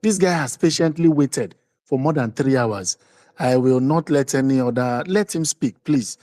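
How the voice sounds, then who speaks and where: A man's voice: mid-range voice, normal speed, warm tone, no room sound, studio quality. A man moderating a live discussion, firmly pleading for order and repeating himself.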